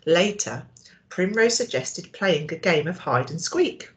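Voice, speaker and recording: A woman teacher reading a storybook aloud to young children, expressive and asking them questions. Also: fairly low pitch, a little slow.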